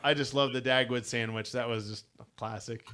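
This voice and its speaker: A man's voice: medium pitch, fairly even intonation, fairly quick, bright, forceful tone. Easygoing man with a mid-range voice. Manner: easygoing, chuckling. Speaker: podcast co-host. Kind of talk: casual chat and reading aloud from a story book.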